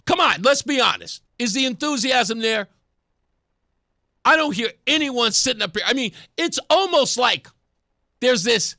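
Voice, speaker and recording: A man's voice: very high-pitched, expressive, a little slow, sharp tone, no room sound, clean studio sound. A man hosting a talk radio show, giving sarcastic political commentary and laughing often. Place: radio studio.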